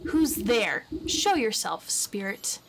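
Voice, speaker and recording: A woman's voice: mid-range voice, big pitch swings, takes it slowly, background noise. Woman doing a blunt, sarcastic old witch. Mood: scolding. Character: gruff old witch granny, blunt and threatening. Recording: chill music playing behind.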